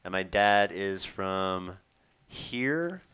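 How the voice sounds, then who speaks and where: A man's voice: sits low, expressive, drawn-out words, fairly bright tone, clean tone. A man co-hosting a podcast, rambling casually and laughing easily. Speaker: podcast co-host. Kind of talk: casual chat.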